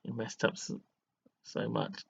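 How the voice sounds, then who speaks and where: The recording has its highs cut off, and the man speaks unhurriedly. As a live streamer delivering an emotional vlog monologue, he's dramatic and sincere, scolding his audience one moment and praising them the next, with sudden laughter and sighing.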